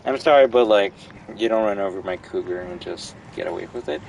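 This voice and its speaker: A man's voice: low-pitched, fairly quick, vocal fry, a little mellow, recorded from a distance, slight background noise, poor audio. A young man from Canada, a gaming streamer, chatting casually and rambling through gameplay commentary, swearing freely.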